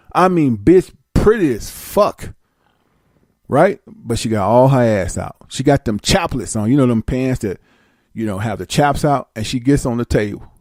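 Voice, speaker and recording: Animated, blunt man telling a story. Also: mid-range voice, no echo, clean studio sound. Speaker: vlogger. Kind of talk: casual storytelling.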